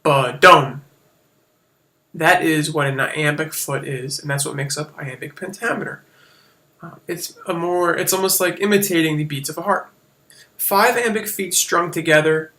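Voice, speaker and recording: A man with a fairly high-pitched, sharp voice teaches a casual screen-share lesson on poetic meter. He explains as he goes and corrects himself now and then.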